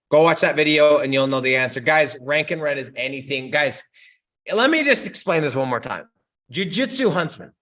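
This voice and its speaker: Speaking in a mid-range voice, a young adult man fields chat questions on a casual live Q&A stream. His talk is lively and full of slang, addressed directly to the people watching.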